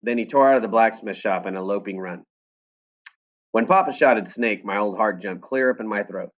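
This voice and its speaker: A man's voice: lowish voice, a little fast, dull audio. A man reading a first-person novel aloud to a class in a classroom, telling the story expressively. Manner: expressive storytelling with lively voices.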